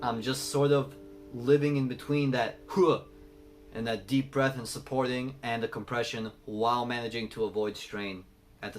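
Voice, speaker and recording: A man teaching singing, talking through techniques and breaking into loud sung demonstrations. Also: mid-range voice. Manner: explains then belts sung examples. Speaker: vocal coach.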